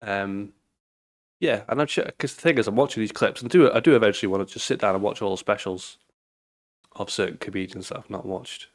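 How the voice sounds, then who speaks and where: A man's voice: fairly low pitch, fairly quick. A British man with a blocked nose, chatting casually as host of a comedy reaction channel. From Britain. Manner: rambling, easygoing. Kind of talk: casual chat.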